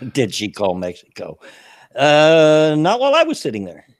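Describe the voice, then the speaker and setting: Animated man telling stories. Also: fairly high pitch, unhurried, dry recording, clean studio sound. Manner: chatty, laughs through his own story, frequent restarts. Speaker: show host telling a story. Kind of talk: casual storytelling chat.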